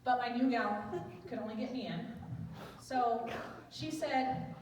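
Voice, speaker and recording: A woman's voice: fairly high pitch, unhurried, darkish tone. A woman doing a stand-up comedy set, telling bawdy, self-mocking stories to a live audience. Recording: echoey hall, distant mic, noisy crowd. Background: audience laughter.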